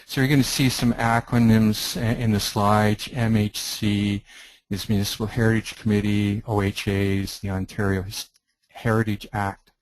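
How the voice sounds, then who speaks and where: A middle-aged man from Canada with a fairly low voice, presenting a webinar. He explains things in a measured, teacherly way, pausing and restarting now and then. His voice sounds dry, on a computer mic. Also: level tone, no echo, low-quality recording. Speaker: webinar speaker, heritage planning consultant.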